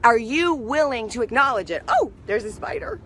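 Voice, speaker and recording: A woman with a high, bright-sounding voice gives a casual spiritual pep talk. She tells her story in an animated way and keeps checking in with her listeners. Her voice swings between soft asides and loud bursts. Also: moderate pace, noisy background. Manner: animated, keeps asking "right?". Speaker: motivational speaker.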